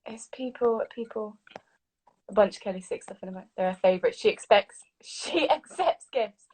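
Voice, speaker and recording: A woman's voice: medium pitch, expressive, normal speed, a little mellow, rough recording. A woman hosting a casual phone livestream, chatty and reading viewer comments aloud. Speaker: host of a livestream. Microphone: phone on a video livestream.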